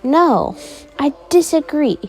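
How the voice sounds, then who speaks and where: A woman's voice: high voice, very animated, slow, a little mellow, voice pushed up, heavily acted, rough recording. A woman voicing a clingy, playful teenage schoolgirl who gushes and whines in a spoken fan story. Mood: gushing.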